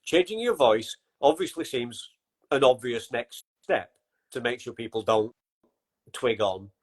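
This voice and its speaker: A man's voice: medium pitch, lively intonation, measured pace, breathy edge, rough recording. A man hosting a podcast in casual chat, with wry, sarcastic asides and frequent swearing. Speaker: podcast host.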